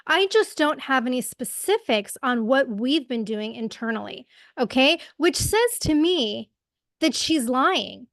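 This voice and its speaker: Female podcast co-host, chatty, slightly high voice, dry close sound. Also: no echo. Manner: chatty, laughs easily. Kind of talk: casual political podcast chat.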